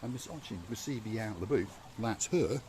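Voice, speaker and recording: A man's voice: lowish voice, brisk, mellow, a little hiss or hum. A man hosting a vlog, giving a playful, theatrical guided tour of a hotel. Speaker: vlog host. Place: outdoors and indoors at a hotel.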